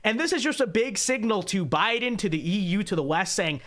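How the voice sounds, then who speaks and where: A man's voice: high voice, animated, a little fast, fairly bright tone. A man hosting a political commentary livestream, talking in a sarcastic, mocking way with joking asides. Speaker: host.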